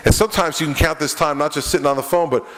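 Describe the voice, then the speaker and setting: A man's voice: on the high side, steady tone, racing, a bit bright. A middle-aged man giving a conversational, joking campaign speech, speaking directly to the audience. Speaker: political speaker at a campaign event. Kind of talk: stump speech with storytelling. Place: event room with an audience. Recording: reverberant event hall.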